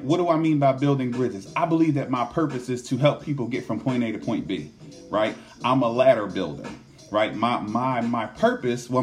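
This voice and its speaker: A man's voice: mid-range voice, a little mellow. Earnest man giving a motivational talk. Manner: earnest, repeats words and adds "right?" often. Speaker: motivational speaker. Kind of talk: motivational self-help talk.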